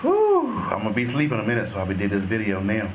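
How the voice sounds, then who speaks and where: A man's voice: lowish voice, huge pitch swings, fast talker. Laid-back joking man on a balcony. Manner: jokey, laid-back, laughing often. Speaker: travel vlogger. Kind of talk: casual travel vlog chat. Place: outdoors on a resort balcony. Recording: noisy outdoor ambience.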